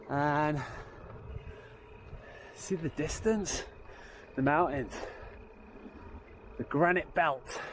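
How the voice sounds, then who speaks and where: A man vlogging casually as he rides a bicycle along a country highway, rambling and chuckling as he talks to viewers over wind and road noise. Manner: rambling, chatty asides to viewers, chuckles often. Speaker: touring cyclist vlogger. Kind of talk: casual vlog narration while cycling.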